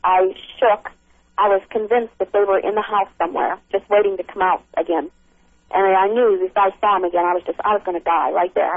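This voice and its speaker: A middle-aged woman recounting a frightening encounter over the phone, halting, with many restarts. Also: mid-range voice, gravelly, no echo. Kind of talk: emotional first-person account. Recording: tinny phone line.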